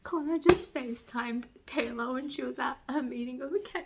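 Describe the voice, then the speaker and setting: Gushing, excitable young woman vlogger. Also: sits high, normal speed, gravelly, heavy background noise. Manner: gushing, excitable, swings into squeals. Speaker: book vlogger. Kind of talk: casual reading vlog chat. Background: construction voices.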